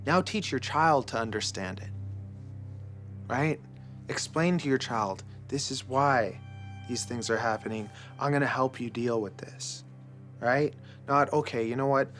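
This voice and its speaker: A man's voice: medium pitch, unhurried, a bit bright, faint music behind. A man in a reflective interview, explaining things earnestly and often asking rhetorical questions. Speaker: barber interviewed about his life.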